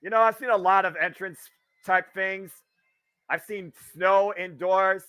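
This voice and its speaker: Bright, chatty Midwestern man commentating. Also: sits high, fairly even intonation, measured pace, clean tone. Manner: chatty, wisecracking, swears freely. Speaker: wrestling watch-along host. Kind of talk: casual live commentary.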